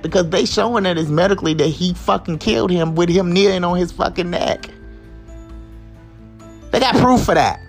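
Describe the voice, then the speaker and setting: A young man hosting a podcast, ranting in an angry, exasperated and profane way. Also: on the high side. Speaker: podcast host. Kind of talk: angry commentary rant.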